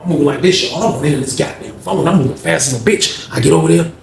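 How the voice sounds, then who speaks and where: Animated man telling a story. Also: on the high side, rapid-fire, vocal fry, reverberant, slight background noise. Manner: animated, slangy, profane, acts out scenes. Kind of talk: casual storytelling.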